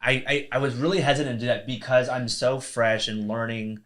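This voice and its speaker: A man with a bright, sharp voice hosts an interview, reflective and empathetic as he shares his own experience. He speaks in halting restarts at a middle pitch. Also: fairly even intonation. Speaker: interview host. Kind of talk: conversational interview.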